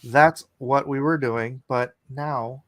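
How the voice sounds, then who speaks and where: A man's voice: mid-range voice, fairly even intonation, slow, no echo. A man hosting a casual online chat while drawing, rambling and jokey. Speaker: host.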